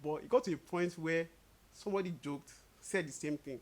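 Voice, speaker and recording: An easygoing young man in a relaxed conversation, his voice sitting a little higher than most men's. He laughs often and slips into playful quoted voices while telling stories. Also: a little fast. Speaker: co-host. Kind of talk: casual couple chat.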